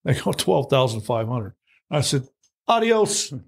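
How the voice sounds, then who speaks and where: A man's voice: mid-range voice, normal speed, creaky, husky. A man in his sixties, an interview guest, candidly telling his story in a blunt, salty way and acting out the quotes. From United States. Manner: blunt, salty, animated retelling with acted quotes.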